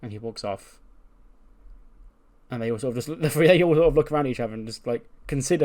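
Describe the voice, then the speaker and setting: A man's voice: mid-range voice, fast talker, pauses often, a little mellow. Rambling, amused man narrating a game. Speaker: game streamer. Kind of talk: casual commentary on a wrestling sim.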